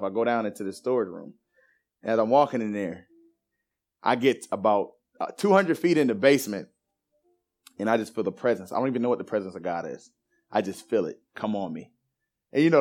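A man in his thirties giving a personal faith testimony, telling it as a lively story and acting out the voices of the people in it. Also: on the low side. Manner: animated storyteller who acts out quoted voices.

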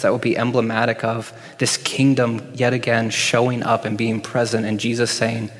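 A man preaching a sermon as pastor, conversational and reflective, pausing with ums. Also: mid-range voice. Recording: hall with long reverb.

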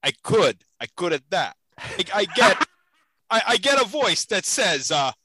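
A man hosting a podcast in casual chat, telling stories with animated energy on a close mic. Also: sits high, measured pace, slightly rough, no echo, poor audio. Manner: animated, lively storytelling. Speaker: podcast host.

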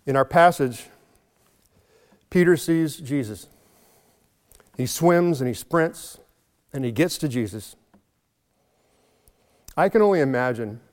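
A male pastor delivers a heartfelt sermon at an even, middle pitch. He slows down and builds volume to drive his points home, and a long hall reverb trails after each phrase. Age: adult, has a son. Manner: earnest, slows and swells for emphasis.

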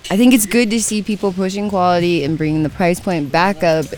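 Guest producer, male, relaxed and chatty. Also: high voice, brisk, soft background music. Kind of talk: casual chat.

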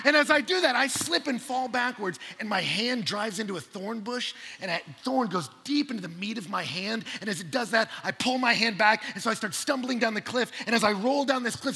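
A man preaching a sermon, telling a personal story animatedly and swinging between loud bursts and hushed asides. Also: high voice, animated, a little fast, gravelly, hardly any pauses. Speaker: pastor. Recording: long hall reverb.

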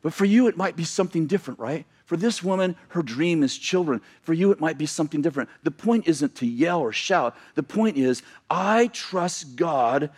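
A man preaching a sermon in a church with a high voice. He is animated and swings between loud shouting and softer, quieter asides. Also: normal speed, few pauses. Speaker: pastor. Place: church sanctuary.

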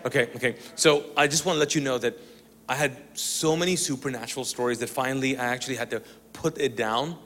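A man telling a personal testimony to an audience, animated and comic as he acts out the dialogue. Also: mid-range voice, fast talker, long reverb tail. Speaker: speaker sharing a testimony.

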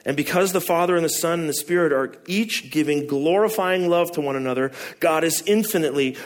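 A man's voice: fairly high pitch, fairly quick, few pauses. A man preaching a sermon as a pastor, talking to the congregation in a conversational way, asking questions and acting out short quoted lines.

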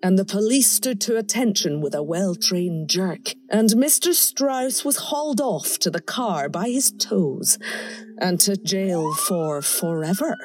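A woman narrating a darkly comic rhyming story in a theatrical, expressive performance. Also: mid-range voice, measured pace.

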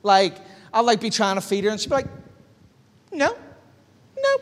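A man preaching a sermon as pastor, animated, acting out bits of dialogue in different voices. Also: high-pitched, fast. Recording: long hall reverb.

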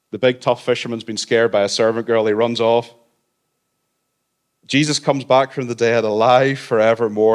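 A man pastor preaching a sermon, earnest and conversational, with gentle humorous asides. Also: mid-range voice.

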